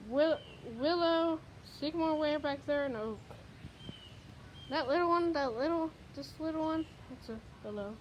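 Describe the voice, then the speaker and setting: A high-pitched woman talks at an unhurried pace while capturing a windstorm on her phone, offering breathless, excited commentary full of exclamations from near a house and then a garage. The audio sounds dull and carries a faint hiss or hum.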